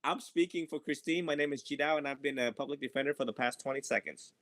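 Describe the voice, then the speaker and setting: A man's voice: mid-range voice, fast talker, fairly bright tone, dry recording. Playful man giving a casual dharma talk. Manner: playful, laughs often, mimics students. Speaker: Buddhist monk teaching a group. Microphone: video or phone call.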